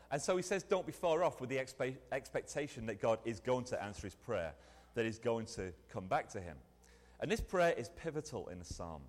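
A man preaching a sermon in a lively, conversational way, often restarting his phrases. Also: mid-range voice. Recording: long hall reverb.

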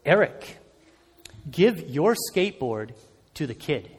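A man voicing God as a solemn, slow inner voice that gives commands. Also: fairly high pitch, sing-song, fairly bright tone, big-room sound, pitched below the performer's own voice, heavily acted. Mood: solemn, hushed. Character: divine inner voice, calm and commanding.

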